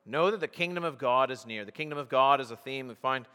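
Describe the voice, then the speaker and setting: A man's voice: mid-range voice, fast talker, sharp tone, smooth. A pastor preaching an expository sermon, earnest and emphatic, often restarting his phrases as he works through the text. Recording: long hall reverb.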